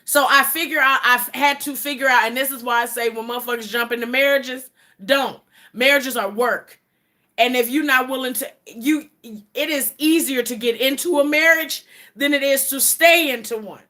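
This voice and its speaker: A woman, chatting bluntly and profanely to a live-stream audience, sometimes dropping to a low, quiet voice. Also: moderate pace. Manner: blunt and profane, with quoted asides; drops to a low, quiet voice in places. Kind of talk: casual live-stream chat.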